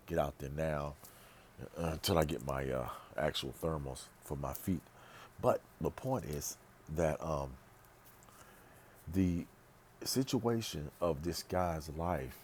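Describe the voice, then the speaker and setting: A pastor who also vlogs talks through a casual, emphatic monologue, rambling with restarts and asides and repeating phrases for stress. His voice is very deep and darkish, with a little hiss or hum on the recording.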